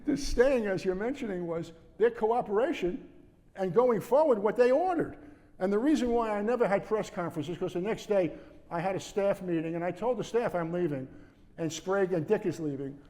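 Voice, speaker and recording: A man's voice: high-pitched, lively intonation, normal speed, warm tone. Older man telling long stories, reverberant. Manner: digressive, restarts sentences, acts out quoted dialogue. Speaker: interview guest, former prosecutor. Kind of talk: rambling storytelling interview.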